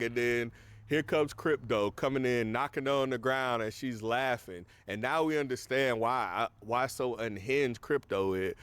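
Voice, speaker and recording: A man's voice: mid-range voice, a little slow, fairly bright tone, smooth. A man hosting a casual film review, recapping the plot in a loose, rambling way with lots of fillers and popping his voice up to act out quoted lines. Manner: acts out quoted lines in a raised voice.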